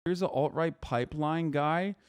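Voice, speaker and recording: A man in his thirties giving casual live-stream commentary, blunt, mocking and profane, talking fast in bursts. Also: on the high side, smooth, dry recording, studio quality. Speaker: political streamer.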